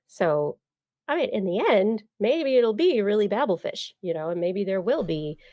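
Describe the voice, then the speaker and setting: A woman's voice: mid-range voice, lively intonation, normal speed, warm tone, no echo, studio quality. A woman co-hosting a science podcast, explaining research in a chatty way with many fillers and restarts. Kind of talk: casual science chat.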